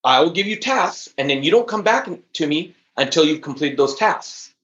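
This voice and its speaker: A man in an interview, speaking with high energy and driving each point home. His voice sits a little high for a man. The recording is echoey and dull, with a lo-fi sound. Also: expressive, normal speed, a bit bright. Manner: high-energy, emphatic storytelling. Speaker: podcast guest, trainer. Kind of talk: interview conversation.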